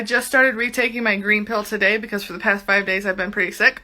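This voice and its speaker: A woman's voice: mid-range voice, steady tone, fast talker, hardly any pauses, heavy background noise. A young woman giving a casual home testimonial, chatty and full of "like". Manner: chatty, says "like" constantly. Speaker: product reviewer.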